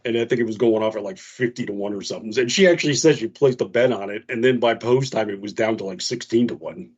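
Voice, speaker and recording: Husky man telling a lively story. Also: lowish voice, quick pace, dull audio. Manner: animated storyteller, acts out quotes in a raised voice. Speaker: radio show co-host. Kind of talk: casual chat, storytelling.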